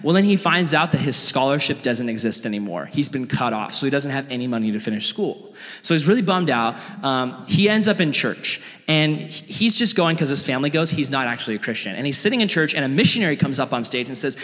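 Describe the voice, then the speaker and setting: A man's voice: mid-range voice, animated, quick pace, fairly bright tone. Chatty man preaching in an echoey church. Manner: chatty, lots of "like", earnest. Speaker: pastor. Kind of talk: casual sermon.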